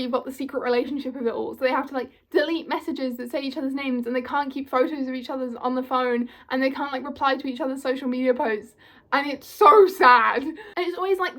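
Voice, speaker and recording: A young woman talks straight to her viewers in an eager, rambling vlog. Her voice sits high, and she peppers every thought with "like" as she gushes. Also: a bit bright. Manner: gushing, filler-heavy, full of "like". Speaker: vlogger. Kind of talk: casual vlog chat.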